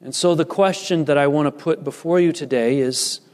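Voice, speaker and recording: A man preaching a sermon as a pastor, measured and deliberate, lifting his voice for emphasis. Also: a little high, a little mellow. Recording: long reverb of a large hall.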